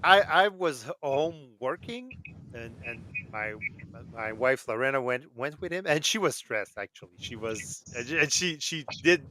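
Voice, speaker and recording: A man's voice: mid-range voice, animated, moderate pace, bright, forceful tone, a little hiss or hum, poor audio. A man who is a father, chatting casually and stumbling over repeated words. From Canada. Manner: repetitive, stumbling restarts. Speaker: podcast co-host. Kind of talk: casual chat.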